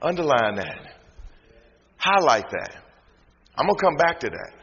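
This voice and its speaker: A man with a Southern accent from North Carolina preaching a sermon, calling out to the congregation and rising to shouts. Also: medium pitch, sing-song, a little slow, breathy edge. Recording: dull sound in a reverberant hall.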